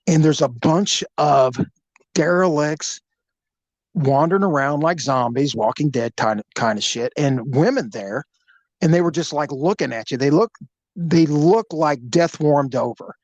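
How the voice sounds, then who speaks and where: A man hosting a podcast, telling a story in an animated, crude, joking way. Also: on the high side, unhurried, dry recording, muffled recording. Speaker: podcast host.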